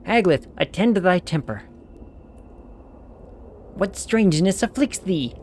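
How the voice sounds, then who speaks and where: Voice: mid-range voice, expressive, measured pace, darkish tone, slight background noise. A streamer voicing a formal old-fashioned landlord in a video game, speaking in stately archaic diction.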